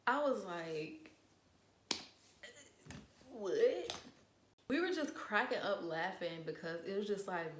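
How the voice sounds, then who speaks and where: A young woman in casual storytime chat, animated and profane, acting out what people said. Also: on the low side, roomy sound, a little hiss or hum. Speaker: vlogger.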